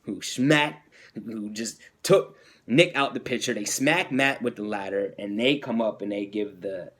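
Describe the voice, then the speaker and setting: A man's voice: unhurried, a bit bright. A man hosting a podcast, chatting casually and enthusiastically through a wrestling recap, full of fillers and restarts. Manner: acts out quotes in a higher voice. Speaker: podcast host.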